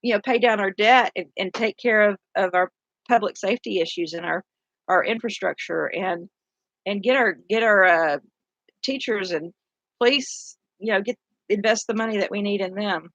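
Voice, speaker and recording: A woman's voice: mid-range voice, normal speed, a bit bright. A tired middle-aged woman with a drawl talks through her views in a loose, rambling way, circling back and restarting sentences as she goes. The sound is dull and lo-fi, with a dry, close feel and no room echo. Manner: rambling and earnest, many restarts. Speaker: city council candidate. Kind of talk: casual monologue.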